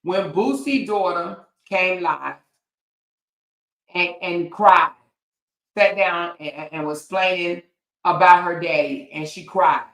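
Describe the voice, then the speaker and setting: A woman's voice: fairly low pitch, slow, long pauses, a bit bright, roomy sound, poor audio. A woman hosting her own show, delivering a heated commentary rant with blunt, profane language and repeated points for emphasis. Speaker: commentary host.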